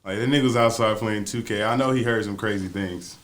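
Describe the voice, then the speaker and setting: With a fairly low pitch and a quick pace, this man co-hosts a casual podcast. He spins an animated story, acting out quotes and laughing often.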